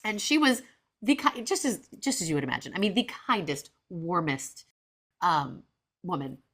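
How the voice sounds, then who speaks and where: A woman in her forties tells a story on her podcast, chatty and animated, with plenty of fillers. Her voice sits low with a gravelly fry, and her tone is bright and crisp. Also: normal speed. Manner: chatty, animated, many fillers and acted-out quotes. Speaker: podcast host. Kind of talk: casual storytelling monologue.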